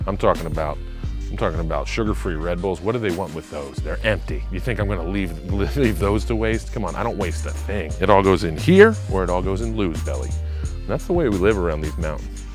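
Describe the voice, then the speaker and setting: Deep-voiced folksy man outdoors. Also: animated, fairly quick, over music. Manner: folksy, laid-back joking. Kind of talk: casual outdoor vlog chat. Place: mountains outdoors.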